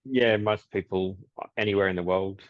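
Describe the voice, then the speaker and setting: A man, a psychic medium, telling stories in a relaxed podcast chat and laughing often. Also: sits low, moderate pace. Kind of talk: casual podcast interview. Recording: dull lo-fi audio.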